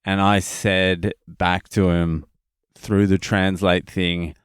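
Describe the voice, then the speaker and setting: A man's voice: deep voice, slow, clean tone, dry recording, clean studio sound. A man with an Australian accent, hosting a podcast and telling a story in a blunt, profane, casual way. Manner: profane, blunt, animated retelling. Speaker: podcast host.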